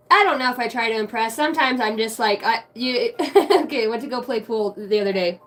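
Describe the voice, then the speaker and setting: A woman's voice: a little high, brisk, hardly any pauses, soft background music. A woman chatting casually on a live stream, brash and profane, laughing often.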